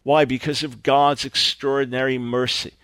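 A man's voice: medium pitch, level tone, moderate pace, a bit bright, no room sound. Earnest middle-aged male preacher, dry sound. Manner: earnest, repetitive emphatic phrasing. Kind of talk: sermon-style radio teaching.

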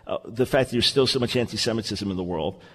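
A man hosting a radio talk show, speaking in an earnest, animated, conversational way. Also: on the low side, fast talker, breathy edge, big-room sound.

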